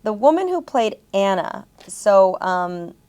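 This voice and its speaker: Young woman co-host, casual chatter, mid-pitched, loose and talkative. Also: big pitch swings, slow, a little mellow, clean tone. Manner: chatty, puts on voices when quoting. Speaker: podcast co-host. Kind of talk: casual chat.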